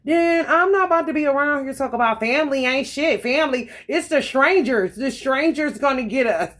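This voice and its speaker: Profane, animated woman tarot reader. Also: high-pitched, normal speed, few pauses. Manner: animated, profane, frequent laughter, talks to viewers directly. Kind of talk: casual profane tarot reading monologue.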